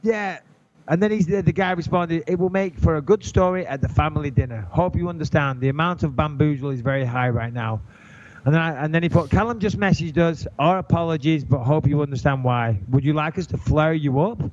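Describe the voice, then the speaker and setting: A man co-hosting a podcast, telling an animated, indignant story in casual chat. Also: on the high side, brisk. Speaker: podcast co-host. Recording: dull lo-fi podcast audio.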